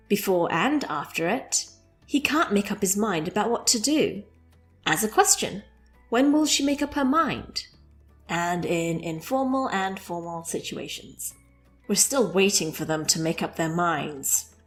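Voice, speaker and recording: A woman teaching an English expression, speaking clearly and modelling phrases slowly for learners to repeat. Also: medium pitch. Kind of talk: scripted English lesson.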